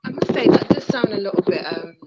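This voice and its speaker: A woman's voice: medium pitch, expressive, fast, background noise. Hesitant woman on a headphone mic. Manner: hesitant, many ums, easygoing. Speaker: panelist. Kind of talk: casual podcast debate. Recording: dull lo-fi online call audio.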